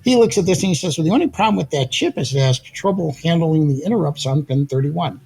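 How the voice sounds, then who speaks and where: An older man, a guest in an interview, telling animated stories with a slightly husky voice, acting out quotes and laughing often. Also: a little high, quick pace. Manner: lively anecdotes, acts out quotes, laughs often. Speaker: guest, audio company founder. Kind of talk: animated storytelling in conversation.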